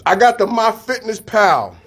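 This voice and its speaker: A man giving a casual motivational talk, energetic and full of street slang, repeating his phrases. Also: sits high, unhurried. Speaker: fitness studio staff and podcast host.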